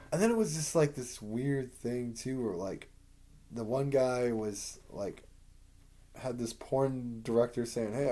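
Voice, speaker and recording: Mellow-voiced man rambling through a casual review. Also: lowish voice. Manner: rambling, profane, conversational with many fillers. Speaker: video creator ranking TV seasons.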